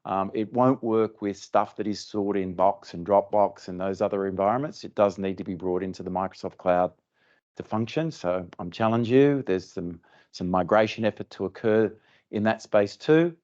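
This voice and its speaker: A man's voice: lowish voice, normal speed, a little mellow, muffled recording. A man giving a conversational presentation at a company event, often restarting and repeating words for emphasis. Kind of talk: conference presentation. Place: event room.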